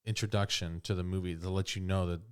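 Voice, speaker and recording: A man's voice: deep voice, level tone, fast talker, clean tone. A man co-hosting a casual movie review chat, blunt and leading the talk, swearing freely. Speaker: co-host.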